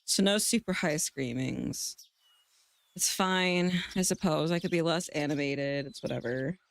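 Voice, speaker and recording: A woman's voice: low voice, unhurried, vocal fry. A woman streaming live, chatting casually and reading a visual novel aloud, laughing often and swearing freely.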